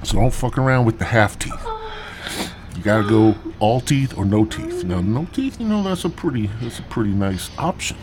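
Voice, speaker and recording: A man's voice: on the low side, expressive, moderate pace, noisy background. A man hosting a podcast, rambling through a crude, profane comic story in a stoned drawl. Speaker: podcast host.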